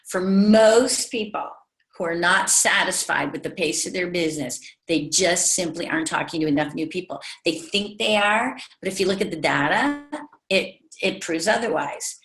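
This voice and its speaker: A woman's voice: on the low side, a bit bright. Emphatic woman coaching in an echoey room. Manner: emphatic, repeats key phrases, asks the group questions. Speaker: network marketing leadership trainer. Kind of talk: coaching lesson to a live group.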